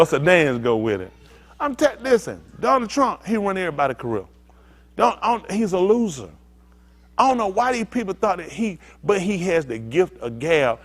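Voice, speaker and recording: Animated preaching pastor, man. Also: a little high. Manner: animated, rousing, talks back and forth with the congregation. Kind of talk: preaching to a congregation.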